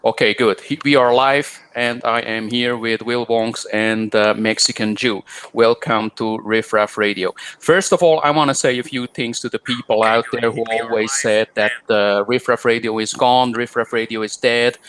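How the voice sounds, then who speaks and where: A man's voice: medium pitch, fairly even intonation, normal speed, fairly bright tone, smooth. A man hosting a live online talk show, delivering a combative, rambling monologue full of fillers. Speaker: host.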